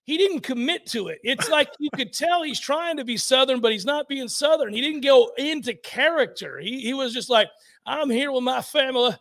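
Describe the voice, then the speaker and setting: Guy with a high voice riffing on football at home, jokey and fired up. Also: normal speed, hardly any pauses. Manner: joking, animated, rants with exasperation. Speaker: sports podcast co-host. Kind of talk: casual sports chat. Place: home, by a fire at night.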